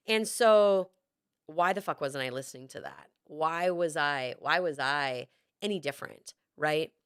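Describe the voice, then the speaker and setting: A woman's voice: deep voice, unhurried, fairly bright tone, clean tone, no echo. Woman in her forties, podcast host, candid personal talk, swears a lot, emotional, dry close sound. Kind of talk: casual personal monologue.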